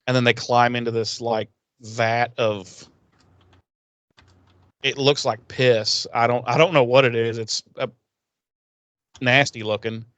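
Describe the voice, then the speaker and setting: A man at middle pitch talks straight into a close mic in a dry, deadened room. He recaps a TV episode loosely, swears freely and drops into quick voiced impressions of the characters. His delivery is animated and rambling. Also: dry recording. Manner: profane, animated retelling with voiced quotes. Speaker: podcast co-host.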